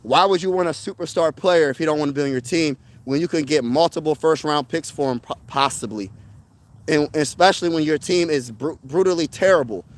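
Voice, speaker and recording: A man hosting a casual sports talk stream outdoors, answering his chat in an excitable, slangy way and repeating himself for emphasis. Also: a little high, fairly quick, poor audio. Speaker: sports channel host. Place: outdoors, windy.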